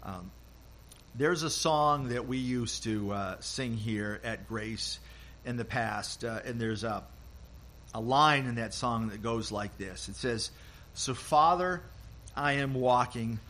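An older man, a grandfather, giving a sermon as pastor, speaking gently and acting out short quoted lines. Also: fairly low pitch, a little hiss or hum. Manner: slow, gentle storytelling with quoted voices.

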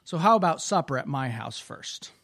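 A man's voice: fairly high pitch, expressive, moderate pace, pushed and bright, heavily acted. A man voicing an eager, fat little male rabbit from a children's storybook.

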